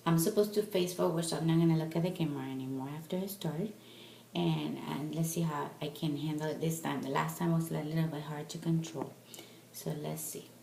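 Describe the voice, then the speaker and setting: Low-ish gravelly woman vlogging at home, chatty n a bit fed up, echoey room w some noise. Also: a little fast, dark tone. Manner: chatty, exasperated and ranting. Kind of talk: casual product vlog.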